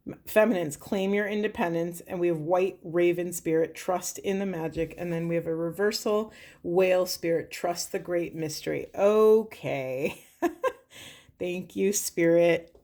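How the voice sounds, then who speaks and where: A woman's voice: on the low side, darkish tone. A young adult woman giving a spiritual card reading, earnest and emotional, addressing spirit as she talks. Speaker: tarot reader.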